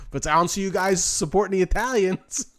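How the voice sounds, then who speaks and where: A man's voice: sits high, expressive, normal speed, fairly bright tone. A male comedian co-hosting a podcast, talking casually and rambling with many fillers. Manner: rambling, heavy use of "like". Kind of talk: casual chat.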